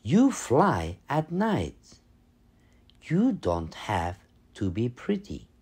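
Man reading as a sweet encouraging girl caterpillar, pitched up, husky, lively. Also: drawn-out words, exaggerated voice. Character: kind, cheerful little female caterpillar.

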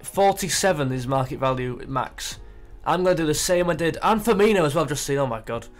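A young man talks through his football management game in a chatty, excitable way, thinking out loud as he goes. His voice sits a little high for a man, with faint music playing underneath. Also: a little fast. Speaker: gaming YouTuber. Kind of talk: casual gameplay commentary.

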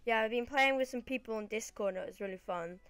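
A woman's voice: on the high side, quick pace, fairly bright tone, smooth, dry recording. A British woman rambling casually through gameplay commentary, often correcting herself mid-sentence. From Britain. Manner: chatty, rambling, self-correcting. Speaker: gaming channel host.

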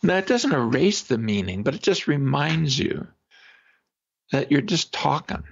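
A man, a psychologist guest on a podcast interview, explaining exercises in an animated way and demonstrating them aloud. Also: fairly high pitch, a little slow, creaky, slightly rough. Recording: dull lo-fi remote audio.

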